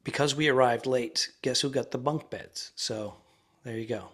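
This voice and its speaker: A man co-hosting a comedy podcast, chatting casually from a quiet room in a busy guest house. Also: mid-range voice, moderate pace. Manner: rambling, drops to a hushed voice. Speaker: podcast co-host.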